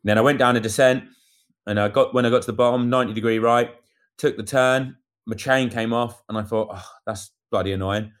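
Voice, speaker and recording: A man casually telling a lively story about a bike race, acting out what people said. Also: mid-range voice, fairly quick. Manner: animated storyteller acting out quotes. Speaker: amateur cyclist recounting a race. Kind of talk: casual chat.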